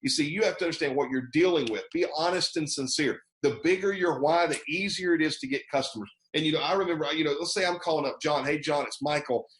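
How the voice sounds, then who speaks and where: Emphatic American sales trainer, roomy sound. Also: male voice, fairly high pitch, fast talker, hardly any pauses, fairly bright tone. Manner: emphatic, repeats key phrases, acts out sample calls. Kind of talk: motivational sales training talk. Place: video call training session.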